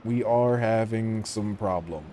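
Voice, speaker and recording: Slight background noise sits under this relaxed gaming host, who talks slowly in a low voice while playing a strategy game. He mutters partly to himself, trailing into soft asides as he makes his selections.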